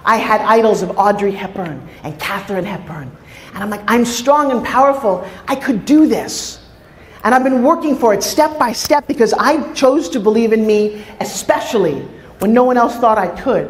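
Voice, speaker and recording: Energetic woman speaker in an echoey hall. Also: medium pitch, normal speed. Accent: New York. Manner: energetic, storytelling with asides to the audience. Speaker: motivational speaker. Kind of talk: motivational stage talk.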